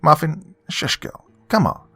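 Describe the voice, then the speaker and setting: A man's voice: measured pace, fairly bright tone, natural voice. A man voicing a laid-back young male stoner buddy who talks in a casual, slangy drawl.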